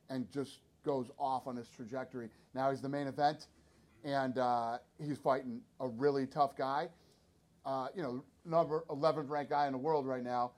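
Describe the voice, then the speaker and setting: A man's voice: mid-range voice, a little mellow. A man guesting on a podcast as a sports promoter, telling stories emphatically and acting out what others said. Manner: emphatic storyteller, acts out quotes. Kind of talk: casual podcast talk.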